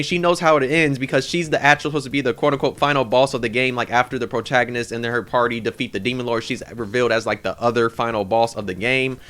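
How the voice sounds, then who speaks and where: Fast, bright-voiced young man reviewing anime. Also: a little high. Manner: excited, rambling retelling with lots of "like".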